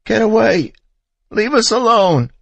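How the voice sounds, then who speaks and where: Panicked young mother, put on by a man, shrieking, raised pitch, audiobook. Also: animated, a little slow, creaky, no room sound, dull audio, full character voice. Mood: shrieking terror. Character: terrified young mother guarding her baby.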